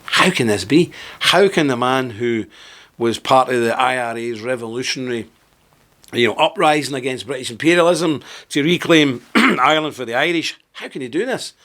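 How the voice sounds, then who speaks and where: A man's voice: mid-range voice, expressive, moderate pace, a bit bright. A man hosting a political commentary monologue, talking in an indignant, emphatic way and firing off rhetorical questions. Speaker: host.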